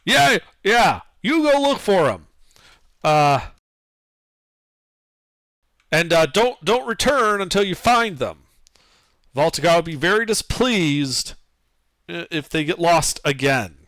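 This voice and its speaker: A man voicing a gruff, impatient male dwarf guard in a tabletop game, loud and commanding. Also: high voice, very animated, unhurried, long pauses, no echo, studio quality, pitched above the performer's own voice, heavily acted. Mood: dismissive.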